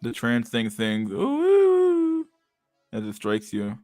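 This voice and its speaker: A man's voice: on the low side, monotone, unhurried, smooth, no echo, studio quality, soft background music. Sarcastic young man ranting. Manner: incredulous, sarcastic, profane, says dude a lot. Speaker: stream host reacting to videos. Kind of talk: casual profane reaction commentary.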